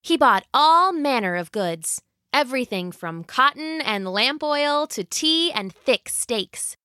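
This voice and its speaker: A woman narrating a folk tale for listeners in an expressive, playful way. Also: high voice, slow pace, no echo, studio quality. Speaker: storyteller.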